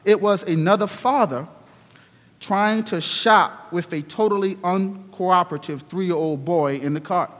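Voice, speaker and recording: High-voiced preacher in a reverberant hall. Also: male voice, fairly bright tone. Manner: slow, deliberate storytelling. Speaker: pastor. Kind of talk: sermon.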